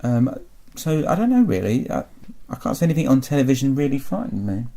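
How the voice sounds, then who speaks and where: Guy guest on a podcast, mellow gravelly voice, rambles and hesitates. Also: mid-range voice, very animated, a little fast. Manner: hesitant, rambling, laughs easily. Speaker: interview guest. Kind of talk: casual interview.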